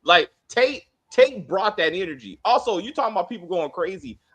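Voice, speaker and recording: A man co-hosts a casual review chat, acting out the characters' lines in mock voices. His voice sits a little high and jumps around a lot, with plenty of swing in his pitch. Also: brisk. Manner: animated, acts out quotes in mock voices. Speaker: co-host of a TV review show.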